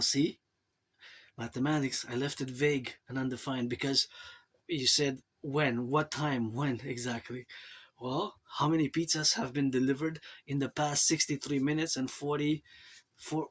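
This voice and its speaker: A Canadian vlogger from Montreal with a Quebec accent talks to camera in a loose, rambling monologue, tossing in asides like "eh?". His mid-range voice is husky with a fairly bright tone.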